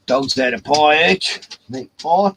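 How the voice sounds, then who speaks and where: A man's voice: mid-range voice, fairly bright tone, slight background noise, poor audio. A man, hosting a casual, rambling live stream, swearing a lot and chatting to his dogs, with a cough.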